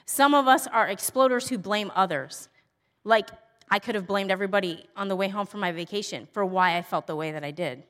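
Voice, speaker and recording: A middle-aged woman speaking at a women's church event, telling personal stories earnestly and moving between bright emphasis and hushed, tender softness. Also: medium pitch, brisk. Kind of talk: personal teaching talk. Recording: long reverb of a large hall.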